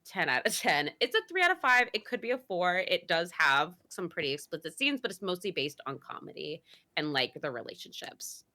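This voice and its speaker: A young woman guest host in casual podcast chat, animated and quick to laugh, sometimes searching for words. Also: lowish voice. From Italian-American heritage.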